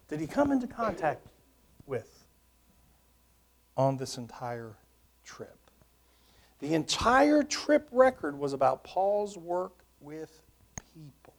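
A man preaching a sermon, reading scripture passages aloud and asking his listeners questions, dropping at times to a near-whisper. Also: very high-pitched. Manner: dramatic swings from loud emphasis to near-whispers; reads scripture aloud in King James wording.

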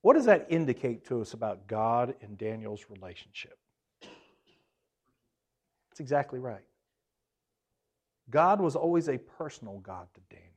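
A man's voice: mid-range voice, very animated, moderate pace, long pauses, a little mellow. A man leading a Bible class, talking conversationally, asking the group questions, with hesitant fillers, self-corrections and emphatic rises on key points. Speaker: Bible study teacher.

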